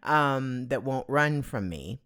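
A woman's voice: rumbling low, expressive, takes it slowly, a bit bright. A woman hosting her own podcast, chatting casually on her own in a rambling, self-deprecating, giggly way. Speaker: podcast host. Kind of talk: casual solo podcast chat.

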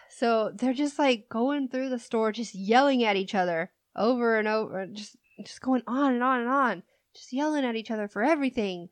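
A woman's voice: fairly high pitch, normal speed, no room sound. A young woman who works in a store, telling work stories in a casual chat, swearing casually and laughing often. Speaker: store clerk.

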